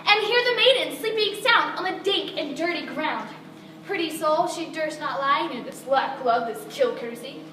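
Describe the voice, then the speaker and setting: A woman playing a lively stage sprite, far and echoey. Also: high voice, moderate pace, a little hiss or hum. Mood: mischievous. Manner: lively, declaiming loudly. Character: mischievous fairy sprite, then boastful weaver actor. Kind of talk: outdoor stage acting. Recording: distant echoey stage recording with ambience.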